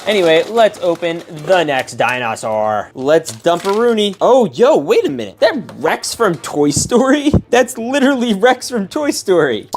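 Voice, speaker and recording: A man hosting a casual toy-building video, chatty, excitable and jokey. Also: high-pitched, measured pace, few pauses, slight background noise. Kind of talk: casual unboxing commentary.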